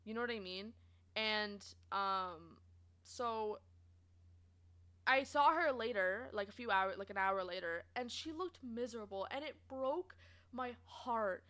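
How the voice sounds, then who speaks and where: A young adult woman streaming, chatting casually and rambling through a story, quoting people in animated voices, laughing often and filling pauses. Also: medium pitch. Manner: animated and giggly, lots of fillers, quoting others in lively voices.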